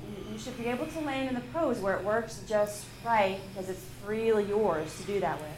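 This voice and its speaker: A woman teaching a live yoga class, giving calm pose and breath cues with playful laughs. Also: medium pitch, brisk, a little hiss or hum. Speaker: yoga instructor. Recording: echoey room.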